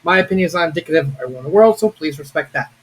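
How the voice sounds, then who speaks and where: A young man giving a casual, rambling video review of a fan story, excitable and prone to restarts. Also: a little high, very fast, a little hiss or hum. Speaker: fanfiction reviewer.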